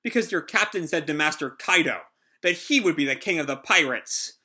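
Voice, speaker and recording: Impatient female brawler, read by a man, curt and threatening, bright tone, comic read-aloud. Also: on the high side, lively intonation, fairly quick.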